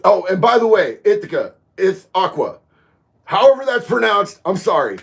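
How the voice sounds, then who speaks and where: A man, chatting casually on a livestream, reading viewer comments and getting loud and emphatic on his opinions. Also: high-pitched, big pitch swings, fairly quick, creaky. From Florida. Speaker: livestream host.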